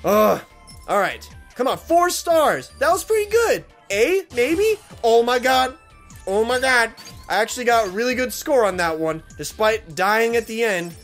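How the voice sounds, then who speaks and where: Excitable trash-talking gamer man. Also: very high-pitched, unhurried, soft background music. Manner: excitable, swearing, trash-talking the game bosses. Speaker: gaming channel host. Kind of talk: let's play commentary.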